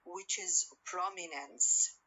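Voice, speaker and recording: Bright-voiced woman lecturing with hesitations. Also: lowish voice, lo-fi sound, a little hiss or hum. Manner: deliberate, repeats key words, frequent hesitations. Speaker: university lecturer. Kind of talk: recorded phonetics lecture.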